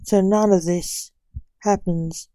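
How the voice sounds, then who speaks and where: A calm, measured timekeeper read by a woman, unhurried and steady. Mellow tone, dry close recording. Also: medium pitch, no room sound, natural voice, rough recording. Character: calm wise young male timekeeper.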